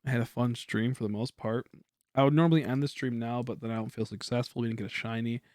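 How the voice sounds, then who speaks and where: A young man chatting casually on a game stream, quiet and rambling, humming between thoughts. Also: medium pitch, steady tone, quick pace, no room sound, clean studio sound. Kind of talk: casual livestream chat while gaming.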